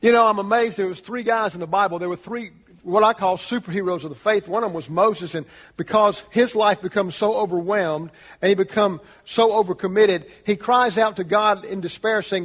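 Pastor, male, high voice; earnest sermon delivery full of rhetorical questions, recorded in a reverberant church hall. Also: fairly quick, a bit bright. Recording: long reverb of a large hall.

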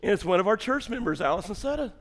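A middle-aged male pastor with a fairly high voice tells a funny family story from the pulpit, chuckling as he goes. His voice rings out in a church with a long, hanging reverb. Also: animated, fast. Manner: humorous, chatty, laughs often. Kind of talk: storytelling sermon. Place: church sanctuary.

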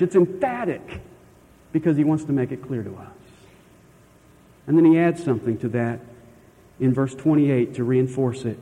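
Pastor guy giving a sermon, kinda high voice, hangs on words for emphasis, big echoey church. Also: expressive, moderate pace, pauses often, warm tone. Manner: earnest, emphatic, stretches key words for stress; asks the listeners rhetorical questions.

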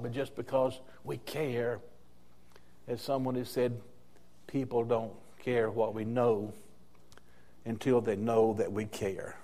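A man's voice: medium pitch, flat delivery, slow, pauses often, warm tone. An older man preaching a sermon as interim pastor, telling stories and repeating key phrases for emphasis.

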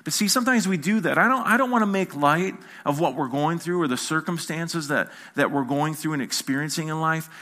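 Middle-aged male pastor, bright forceful tone, slightly high pitch, animated sermon storytelling. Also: fairly quick, hardly any pauses. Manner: animated storytelling with playful asides to the congregation. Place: church sanctuary.

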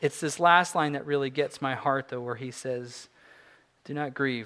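A man's voice: medium pitch, normal speed, clear, resonant tone. Earnest man preaching a sermon. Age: 40s. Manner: earnest, swings between soft reflection and rising emphasis. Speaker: pastor.

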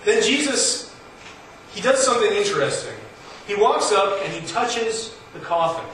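A man's voice: high-pitched, lively intonation, normal speed, a bit bright. A man preaching a sermon in an earnest, conversational way, his voice rising on emphatic points. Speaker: pastor. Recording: echoey hall from far off, faint noise.

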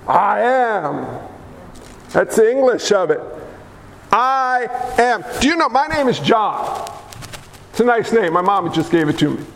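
Energetic male pastor, high voice, playful and questioning, reverberant church hall. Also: moderate pace. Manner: energetic, joking, asks the congregation questions. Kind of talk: sermon. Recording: echoey hall with faint noise.

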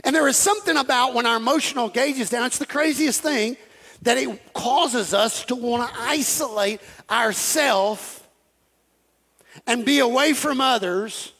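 A man preaching an animated sermon, acting out dialogues and repeating phrases. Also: very high-pitched, measured pace. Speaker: pastor.

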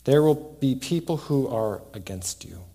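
Male pastor, mid-pitched voice, earnest church sermon with big swings from loud to hushed. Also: expressive, measured pace, creaky.

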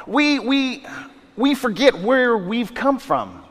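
High-voiced pastor preaching in a hall. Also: male voice, sing-song, slow, fairly bright tone, a faint crowd. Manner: conversational preaching with rhetorical questions and many restarts. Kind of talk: sermon. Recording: long reverb of a large hall.

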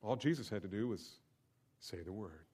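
Pastor preaching with big dynamic swings. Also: male voice, lowish voice, animated, moderate pace, slightly rough. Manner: dynamic preaching, swings from hushed storytelling to loud emphatic build-ups. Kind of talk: sermon.

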